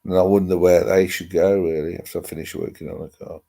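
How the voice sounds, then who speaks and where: A man rambles through a casual chat with his viewers, dropping the odd mild swear word. His low voice has a gravelly edge. He talks into a laptop microphone at home. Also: level tone, fast, mellow. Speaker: livestream host. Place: home, seated with laptop on lap.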